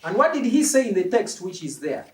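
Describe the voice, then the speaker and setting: This preacher's voice sits high and moves briskly, full of animation and emphasis. He hammers his points and fires questions at the congregation, recorded from afar in a reverberant hall.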